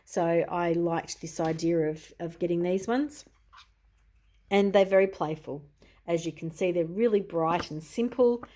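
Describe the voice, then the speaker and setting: A middle-aged woman with an Australian accent talks through a casual show-and-tell. Her voice sits a little low and sounds mellow and soft-edged. She chats in an easygoing way, with plenty of small asides. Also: a little slow. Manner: chatty and easygoing, with frequent "you know" and "I suppose". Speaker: tarot reader.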